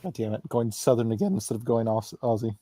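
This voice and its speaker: A man's voice: mid-range voice, lively intonation, fast, warm tone. A man playing a tabletop game, chatty and joking with the group. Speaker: player. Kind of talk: casual tabletop game chat.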